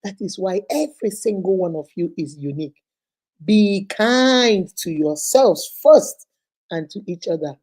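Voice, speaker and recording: A woman's voice: medium pitch, unhurried. A Nigerian woman hosting a relationship advice talk, telling stories vividly and acting out the voices. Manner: lively storytelling, acts out voices, laughs often. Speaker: host.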